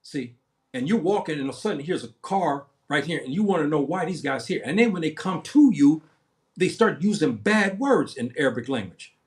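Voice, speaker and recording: A man's voice: a little high, lively intonation, a little fast. A seventy-year-old man hosting a livestream, talking in a heated, rambling way and often repeating himself and restarting his sentences. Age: 70s. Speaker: livestream host. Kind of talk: impassioned livestream monologue.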